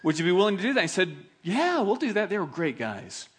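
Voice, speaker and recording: A middle-aged male pastor preaching a sermon, telling stories in an animated, laughing way. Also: sits high, a little fast, husky.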